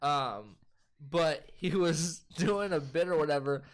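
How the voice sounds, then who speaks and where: Slightly high-voiced casual man. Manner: loose, profane plot retelling with quick character voices. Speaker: co-host. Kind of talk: casual chat.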